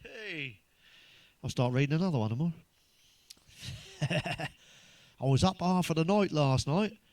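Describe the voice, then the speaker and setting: An English man with a fairly high speaking voice fires off crude, sweary one-liners as a stand-up comic. The sound is close and dry, with no room around it. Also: lively intonation, normal speed, darkish tone, dry recording. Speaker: stand-up comedian. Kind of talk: stand-up joke routine.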